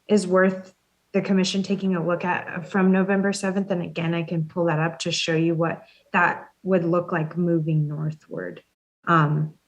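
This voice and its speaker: A woman on mapping staff explaining district options in a public meeting, methodical. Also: lowish voice. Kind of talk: technical explanation.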